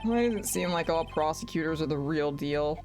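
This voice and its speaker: A woman's voice: low voice, expressive, moderate pace, darkish tone, faint music behind, pitched below the performer's own voice. A woman voicing an earnest young male defense lawyer in her plain, thoughtful reading voice.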